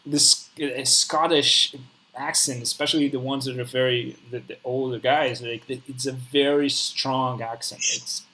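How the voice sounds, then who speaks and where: A man's voice: medium pitch, fairly even intonation, a little slow, pushed and bright, rough recording. Hesitant man with a mid-range voice. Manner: hesitant, many fillers and restarts. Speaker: live stream host. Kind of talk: casual conversation.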